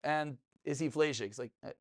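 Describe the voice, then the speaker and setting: A man teaching a lively Talmud class to students in a room, asking and answering his own questions and joking along the way. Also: a little high, fairly quick. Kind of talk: lively spoken Torah class.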